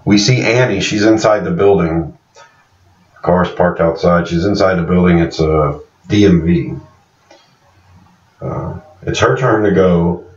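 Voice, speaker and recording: This is a show reviewer, a man giving a casual, rambling recap of a TV series and occasionally stopping to correct himself on character names. He speaks low and at a measured pace, with long pauses. The recording is distant, in an echoey, dull-sounding room.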